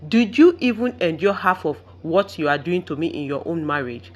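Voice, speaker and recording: A woman's voice: fairly low pitch, expressive, moderate pace, a little mellow. Woman reading a crying young wife, begging, voice all over the place. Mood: upset. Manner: pleading, tearful. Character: hurt, desperate young wife.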